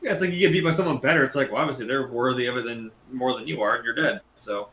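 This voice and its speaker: A man's voice: mid-range voice, over a noisy crowd. A man talking in a casual group chat, swearing and acting out quips from scenes. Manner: fast, profane, mimics others. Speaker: regular panelist. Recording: roomy echo.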